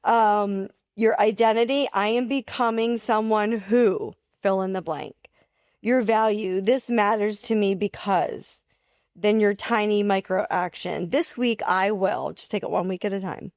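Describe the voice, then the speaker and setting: A woman co-hosting a podcast, chatty and animated, laughing easily between points. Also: medium pitch, unhurried, no echo, clean studio sound. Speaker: podcast co-host, nurse. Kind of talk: casual podcast chat.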